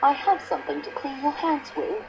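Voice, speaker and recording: A woman's voice: high voice, fairly quick, gravelly, muffled recording, background noise. An actress with a French accent playing a patient young female investigator in a mystery video game, formal and clipped.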